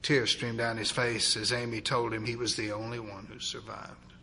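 A man narrating a dramatic story, swinging from loud, urgent passages to hushed ones. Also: fairly low pitch, little pitch movement, normal speed, slight background noise.

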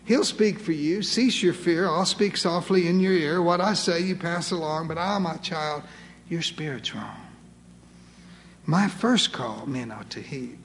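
A preacher reading a patient, loving God. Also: male voice, fairly high pitch, unhurried, big-room sound, slight background noise. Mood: reassuring. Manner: patient, reassuring rhymed verse.

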